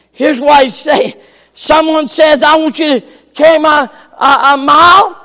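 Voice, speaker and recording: An older man preaching a sermon, swinging from shouts to hushed near whispers. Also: extremely high pitch, slow pace. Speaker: pastor. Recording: long hall reverb.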